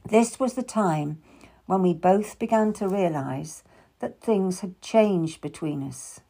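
A woman narrating a historical novel in the first person, with measured, intimate storytelling. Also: fairly low pitch, expressive, gravelly, dark tone, slightly rough. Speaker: audiobook narrator.

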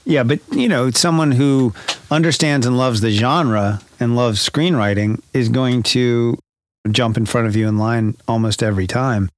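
A podcast co-host in casual chat, this man speaks at a measured pace in a mid-range voice. He's thoughtful but rambling, often correcting himself mid-sentence.

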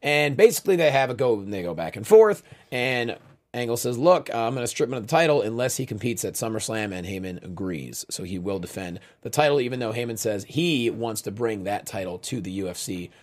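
A male co-host talking in an easy, chatty way, his pitch swinging widely as he gets into it. He laughs a lot and keeps the talk moving with quick asides. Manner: animated, laughs often, reads chat comments. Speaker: co-host of a wrestling recap show. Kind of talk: casual chat.

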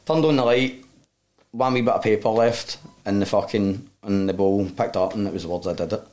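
Sweary Glaswegian man, low voice. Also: fairly even intonation, normal speed, a little mellow. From Glasgow, Scotland. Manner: sweary, heartfelt, rambling. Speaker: guest. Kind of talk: candid personal storytelling.

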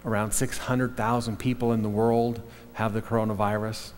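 A man's voice: fairly low pitch, little pitch movement, normal speed, darkish tone, faint music behind. A man, a pastor preaching a sermon, telling a story earnestly with frequent restarts. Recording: long reverb of a hall.

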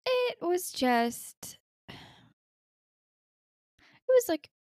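A young woman co-hosts a podcast, rambling through casual chat with frequent laughter. Her very high, very animated voice stretches out words and has a darkish tone, captured dry with clean studio sound.

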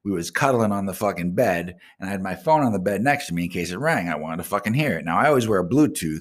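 A man hosting a radio show, rambling through a profane rant and breaking into loud, indignant outbursts. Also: on the low side. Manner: profane, ranting, swears constantly.

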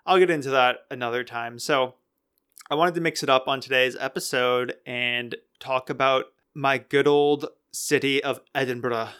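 Young male podcast host, bright and crisp, loose rambling delivery. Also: medium pitch, moderate pace. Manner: relaxed, rambling, self-correcting. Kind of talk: casual solo podcast talk.

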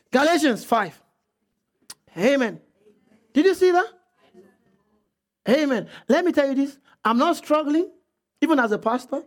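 A pastor preaching an emphatic sermon who repeats phrases and breaks into bursts of shouting. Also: sits high, lively intonation, normal speed, pauses often.

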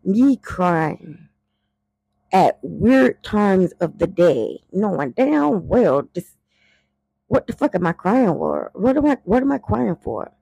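A woman's voice: medium pitch, takes it slowly, creaky, slightly rough, no room sound. A woman, talking in a blunt, profane, casual monologue as a podcast host. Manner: blunt and profane, heated and animated when worked up.

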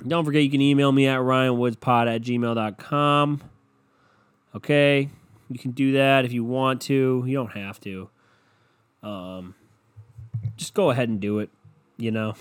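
A man's voice: mid-range voice, a little slow, pauses often, clear, resonant tone. A man hosting a casual solo podcast, ranting with lots of swearing and mocking impressions of other people. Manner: profane, animated, mocking impressions. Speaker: podcast host.

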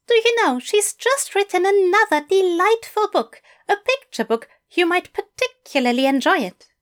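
A fussy, eager English teacher gushes in a high, bright, lilting voice, as a woman reads him aloud. His speech is prim, formal and effusive, and his pitch swoops up and down with enthusiasm. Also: lively intonation, moderate pace.

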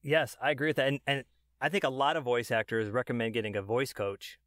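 A man's voice: medium pitch, steady tone, fast talker, fairly bright tone, no room sound, clean studio sound. A man hosting an interview about voiceover, asking earnest questions with some stumbling restarts. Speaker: podcast host. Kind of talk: casual interview chat.

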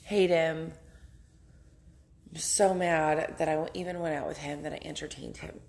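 Brief: young woman, hungover podcast host, blunt and profane, low-ish gravelly voice. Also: steady tone, measured pace, darkish tone. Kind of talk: casual monologue podcast. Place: her house, indoors.

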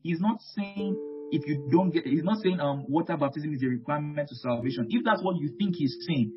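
Preacher guy teaching scripture, kinda high voice, says stuff twice for emphasis, muffled recording with guitar playing behind. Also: lively intonation, moderate pace. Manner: emphatic, repeats key phrases, calls amen. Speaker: pastor. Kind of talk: Bible teaching sermon.

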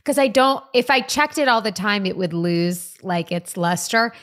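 Woman podcast co-host, casual and animated, laughs easily, medium pitch. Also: moderate pace. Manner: animated, laughs often, breaks into playful impressions. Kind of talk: casual chat.

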